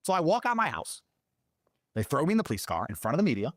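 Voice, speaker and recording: A man's voice: a little high, very animated, fast talker, no echo, studio quality. A middle-aged man telling a long story on a podcast, swearing freely and acting out what others said in mocking voices. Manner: profane, acts out quoted lines in mocking voices. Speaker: podcast guest. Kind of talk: animated storytelling in a podcast clip.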